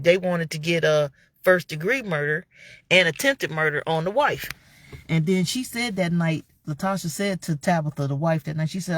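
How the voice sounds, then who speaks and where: Commentary host, gossipy storytelling, exclamatory asides, mid pitch, dry close sound. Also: a bit bright, dry recording.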